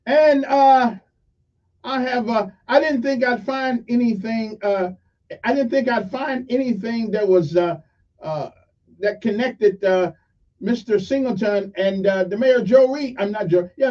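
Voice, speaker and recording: A man's voice: very high-pitched, measured pace, distant mic. An older man hosting a casual morning radio talk show, rambling and joking with many fillers. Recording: muffled audio from off mic.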